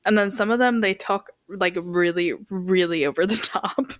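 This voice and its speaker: A young woman co-hosting a casual podcast chat, telling stories and breaking into quick bursts of laughter. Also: medium pitch, dry recording, studio quality. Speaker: podcast co-host.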